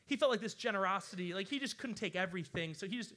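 A man preaching as a pastor, telling a story in an animated, chatty way with lots of fillers. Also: high voice, fast. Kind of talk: storytelling sermon.

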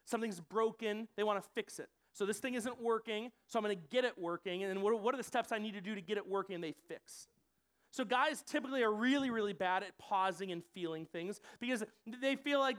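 A man giving a conversational sermon to a room, animated and casual, often acting out what people might say. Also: high-pitched, a little fast. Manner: conversational, animated, acts out quoted voices. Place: church room with audience.

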